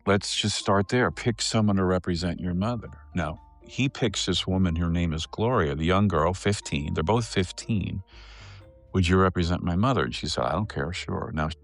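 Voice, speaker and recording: A middle-aged man, a psychotherapist, telling an earnest and emotional story in a podcast interview. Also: deep voice. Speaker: psychotherapist guest.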